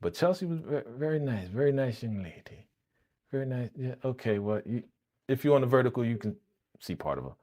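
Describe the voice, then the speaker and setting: A man's voice: medium pitch, animated, brisk, dark tone. A man hosting a live reaction stream, chatting casually in slang and acting out characters' lines as he retells the episode. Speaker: livestream host reacting to a TV episode.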